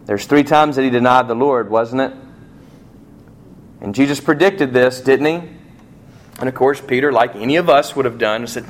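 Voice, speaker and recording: A man preaching a sermon in a conversational way, asking rhetorical questions and acting out quoted lines, slowing down to stress key points. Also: medium pitch. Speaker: pastor.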